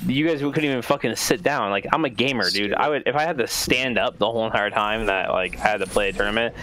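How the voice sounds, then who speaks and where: Bright-voiced rambling gamer man. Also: lowish voice, fast, a little hiss or hum. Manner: rambling, repeats words, swears casually. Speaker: gaming group organizer. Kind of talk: casual stream chat.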